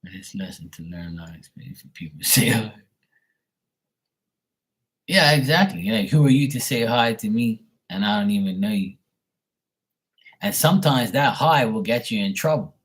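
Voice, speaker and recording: A man's voice: fairly low pitch, animated, moderate pace, pauses often, poor audio. A man doing a casual tarot reading who rambles through stories, talks bluntly and swears freely. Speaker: tarot reader. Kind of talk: casual livestream reading and storytelling.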